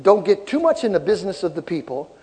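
Middle-aged male pastor, husky high voice, impassioned sermon, long hall echo. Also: fast. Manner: animated preaching, shouting peaks, repeated phrases. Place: large church sanctuary.

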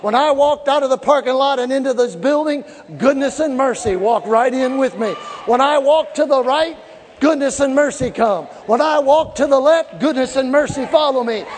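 High-voiced fervent male preacher. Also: normal speed. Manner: fervent preaching, shouting and call-and-response. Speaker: pastor. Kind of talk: sermon. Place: large church hall. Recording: echoey hall with live congregation.

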